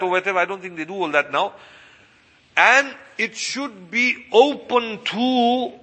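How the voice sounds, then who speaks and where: A man's voice: high voice, measured pace, bright, forceful tone. A man giving a sermon as an imam, asking his listeners rhetorical questions and repeating his points. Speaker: imam and preacher. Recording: long reverberant hall.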